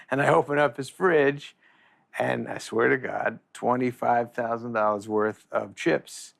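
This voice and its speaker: A man's voice: medium pitch, measured pace, vocal fry. A man casually telling a funny anecdote, laughing as he goes and acting out what people said. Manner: animated, laughs through the story, acts out quotes. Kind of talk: casual storytelling.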